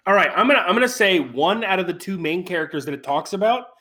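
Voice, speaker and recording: A young man co-hosting a podcast in casual chat, excitable and hesitant, thinking out loud. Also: high-pitched, fast talker. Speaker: podcast co-host.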